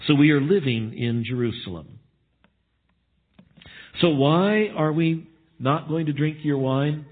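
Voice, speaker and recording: A man's voice: on the high side, expressive, slow pace. A man preaching a sermon, reading scripture aloud and explaining it with emphasis. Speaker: pastor. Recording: tinny phone-like sermon recording.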